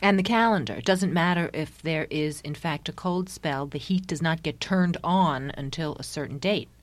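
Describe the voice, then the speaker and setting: A woman author is being interviewed. She tells her anecdotes with wry humor, and her voice sits a little low. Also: moderate pace, no echo. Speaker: author guest. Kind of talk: radio interview.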